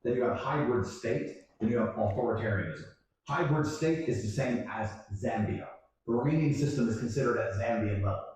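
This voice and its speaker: A man telling a story in casual chat, profane and animated, acting out other people's lines. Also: medium pitch, a little fast. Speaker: guest storyteller. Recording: echoey room, distant mic.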